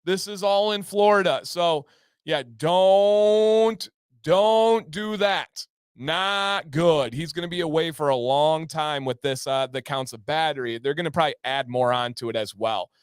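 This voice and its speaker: A man from Michigan hosting a casual livestream, reading viewer comments aloud and chatting in an animated way, laughing often and repeating his phrases. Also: fairly high pitch, a little slow, clear, resonant tone, no room sound, studio quality. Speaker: livestream host.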